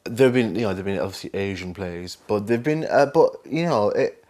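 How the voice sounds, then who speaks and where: A man with a Northern English accent, an actor talking candidly in an interview, animated and self-mocking. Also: on the low side, a little fast. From north of England. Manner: animated, self-mocking, acts out other voices.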